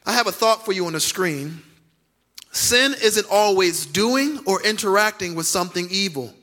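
A man's voice: high voice, animated, moderate pace, pushed and bright. A male pastor preaching a sermon emphatically, repeating key lines and acting out quoted voices.

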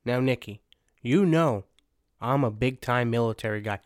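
A podcast host chats casually with a guest in a playful, mock-stern way. His voice is medium in pitch, clear, and resonant at a normal speed, recorded dry with clean studio sound.

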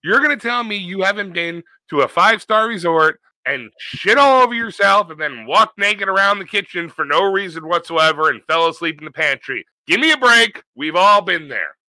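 A man's voice: high-pitched, animated, normal speed, hardly any pauses, sharp tone, dry recording, poor audio. A young man co-hosting a podcast, teasing his friend in sarcastic casual chat. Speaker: podcast co-host.

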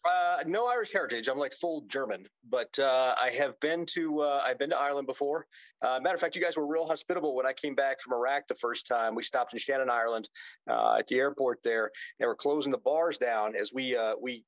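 A man's voice: medium pitch, fairly quick, no room sound, muffled recording. A man from the United States, a football insider and radio co-host, chatting as a guest in a casual interview and joking with lots of fillers and restarts.

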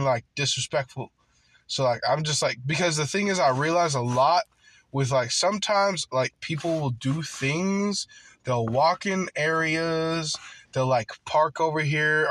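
A man with a slightly higher voice rambles through a casual story, cursing often and padding every thought with fillers. The sound is very dry and close, with no room around it. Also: a bit bright, no room sound. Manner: rambling, heavy swearing, many fillers like "like". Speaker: worker on a night job.

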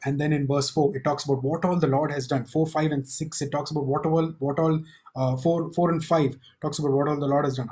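A man's voice: a little high, fairly even intonation, mellow, low-quality recording. Man preaching a verse-by-verse sermon. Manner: slows and lifts his voice to read scripture aloud; conversational asides with frequent "right?" and fillers.

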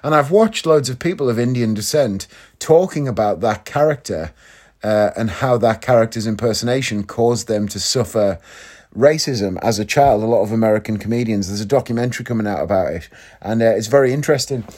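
A man's voice: fairly low pitch, a little fast, darkish tone. A man from Northeast England talking casually to camera in a vlog, chatty and rambling, often tagging questions onto his sentences. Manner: chatty, leans on tag questions like "isn't it?". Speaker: vlogger.

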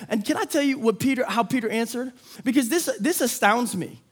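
A man preaching a sermon with energy, building to shouts and acting out quick voices for the people in the story. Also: very high voice, breathy edge. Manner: energetic, rising to shouts, acts out disciples' voices. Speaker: pastor.

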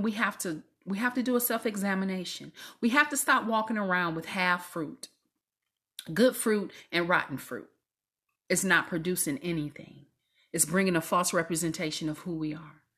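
A woman hosting a faith-based podcast, speaking in a preachy, exhorting way and often dropping into soft whispers. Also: on the low side, breathy edge. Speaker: podcast host.

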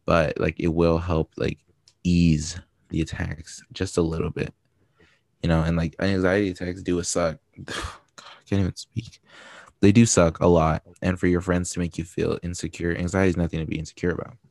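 A man's voice: low voice, level tone, normal speed, creaky, a little mellow, no echo, studio quality. A man co-hosting a podcast, giving frank, supportive advice in casual chat full of fillers. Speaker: podcast co-host.

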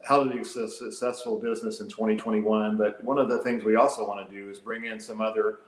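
A man's voice: lowish voice, little pitch movement, fast. A man co-hosting a live business show, giving advice in an earnest, casual way, often repeating words and trailing off. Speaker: co-host and business consultant. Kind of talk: casual conversational talk. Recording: echoey room sound.

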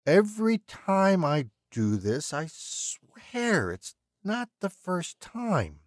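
A man putting on a soft-spoken, unhinged male killer who lifts his voice above the narrator's own and lets it wander up and down. He draws his words out with mannered, threatening precision. The audiobook recording is dry and close. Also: high voice, very animated, slow pace, no echo, pitched above the performer's own voice, full character voice. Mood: menacing. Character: calm, menacing male killer, polite and unhinged. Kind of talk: audiobook character voicing.

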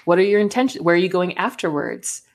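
A woman's voice: lowish voice, lively intonation, quick pace. Woman doing male security officer, cheerful, relentless, smiling interrogation. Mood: questioning. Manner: smiling and upbeat while he interrogates.

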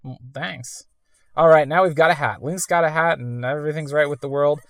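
A woman's voice: low-pitched, a little fast. A woman casually commenting while playing a video game, chatty and self-amused. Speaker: let's-play gamer.

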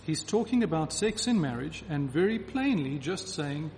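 A man's voice: fairly high pitch, animated, moderate pace, darkish tone, slight background noise. A man preaching a sermon to a congregation, emphatic and repeating key phrases to drive his point home. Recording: reverberant hall with faint ambience.

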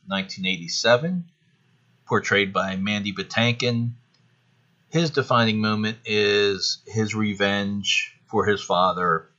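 A man's voice: fairly low pitch, sharp tone, lo-fi sound. A man hosting a casual solo podcast, chatty and rambling with a self-deprecating touch. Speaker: podcast host.

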